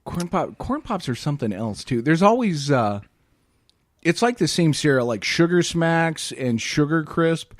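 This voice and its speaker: A middle-aged man telling loose, rambling stories in casual conversation, slipping into little voices for the characters. His voice sits slightly high. The sound is close and dry, with no room around it. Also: very animated, a little slow, no room sound. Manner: rambling storyteller, acts out voices. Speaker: podcast co-host. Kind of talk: casual chat.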